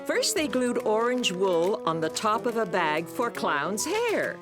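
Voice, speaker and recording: Female narrator for a kids' cartoon, expressive melody, over loud music. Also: mid-range voice, a little slow. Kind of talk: scripted storybook narration. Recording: music underneath.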